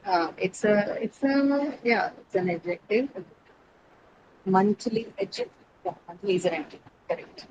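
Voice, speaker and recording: Woman English teacher, online class; methodical, question-and-answer delivery, repeats key words, steady hiss behind. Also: medium pitch, normal speed, lo-fi sound. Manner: explains step by step, asks questions then answers them. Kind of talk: online pronunciation lesson. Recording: steady background noise.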